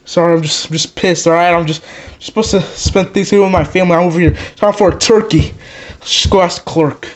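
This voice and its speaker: A man voicing a hot-headed, foul-mouthed male plush puppet who swears constantly and works himself up into shouts. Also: high-pitched, fast, lightly acted. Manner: swearing, excitable, rising to shouts. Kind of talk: plush puppet comedy skit.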